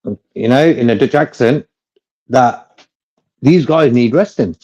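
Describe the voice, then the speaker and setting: A man's voice: medium pitch, measured pace, a little mellow, breathy edge, lo-fi sound. A man co-hosting a fan livestream in casual chat, rambling, repeating himself and laughing often.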